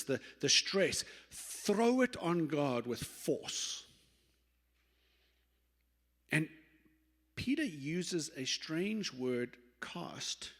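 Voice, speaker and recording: A pastor delivers a sermon in a church sanctuary, his fairly high-pitched voice carrying the long reverb of the hall. He tells stories in a lively way, acting out the voices he quotes and restarting to correct himself.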